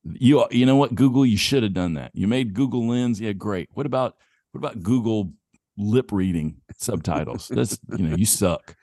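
A low-pitched man talks in a lively, up-and-down way as he co-hosts a casual podcast. He rambles and fills his sentences with "you know". The recording is dry and close, with no room sound. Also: moderate pace, no echo. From Southern California. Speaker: podcast co-host. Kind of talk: casual chat.

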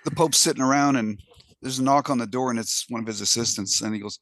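A man co-hosting a podcast who tells jokes with animated, playful asides in casual chat. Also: mid-range voice, quick pace, no echo. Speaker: podcast co-host and stand-up comic. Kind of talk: casual comedic storytelling.

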